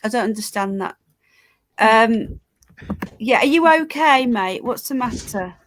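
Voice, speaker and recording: A woman's voice: a little high, lively intonation, unhurried, slight background noise. An English woman hosting a livestream, chatting and teasing playfully. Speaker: livestream host. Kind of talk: casual chat.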